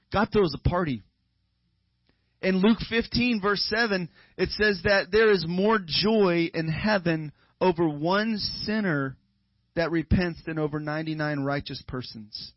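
A man's voice: sits high, measured pace, no echo, muffled recording. A man preaching a sermon in an earnest way, often repeating words and restarting his phrases. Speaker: pastor.

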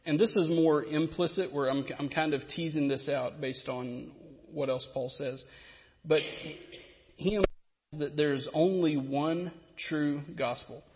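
Guy preaching a sermon, kinda high voice, lots of um and uh, echoey church hall. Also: steady tone, unhurried. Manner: earnest, explanatory, with frequent fillers and restarts. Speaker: pastor. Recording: reverberant hall, slightly dull sound.

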